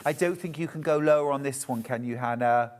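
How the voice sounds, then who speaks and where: A woman's voice: extremely low pitch, fairly quick, darkish tone. A woman with a British accent presenting a live shopping show, chatting to viewers and gushing over fabrics. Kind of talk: live sales demonstration.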